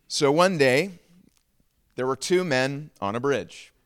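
A man's voice: mid-range voice, animated, slow, clean tone. A man preaching a sermon as pastor, moving from prayer into a joke and teaching. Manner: prays then tells a joke with acted voices.

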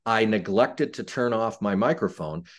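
Older Chicago ex-referee, low voice, chatty self-deprecating storyteller. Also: male voice, moderate pace. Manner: animated anecdotes with self-deprecating humor. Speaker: retired football referee, guest. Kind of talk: casual interview storytelling.

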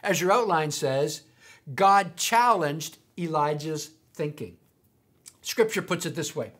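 A woman preaching a sermon, emphatic, repeating key points slowly. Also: sits low.

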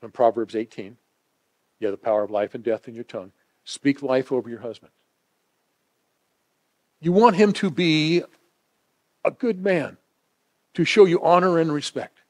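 A man preaching a sermon, swinging from emphatic declarations to hushed, intimate asides. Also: medium pitch, moderate pace, pauses often.

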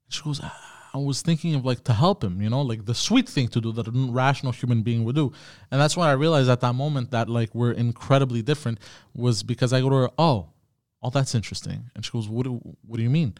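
A man's voice: medium pitch, quick pace, a little mellow, no echo, studio quality. A man hosting a podcast, telling a story in a casual, profane way with many fillers and restarts. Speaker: podcast host.

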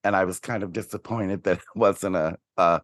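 A man's voice: sits low, steady tone, moderate pace, fairly bright tone, no echo. A man co-hosting a casual podcast, wryly mocking accents and swearing now and then. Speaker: podcast co-host. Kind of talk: casual chat recapping a sitcom episode.

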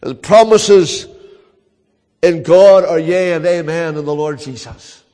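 Older man, Northern Irish accent, pastor's sermon, fairly high voice, long reverb of a hall. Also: mellow. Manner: earnest storytelling with dramatic pauses.

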